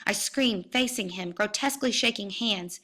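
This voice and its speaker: A woman's voice: medium pitch, normal speed, sharp tone. A woman giving an intense, dramatic reading of a novel in the first person, rising into cries at the violent moments. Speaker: reader.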